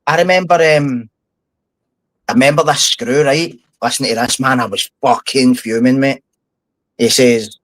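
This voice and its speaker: A man's voice: mid-range voice, fairly even intonation, measured pace, fairly bright tone, no echo, low-quality recording. Blunt, swearing Scottish man. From Scotland. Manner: blunt, heated, swears often. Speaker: podcast guest, former prisoner. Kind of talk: casual podcast chat.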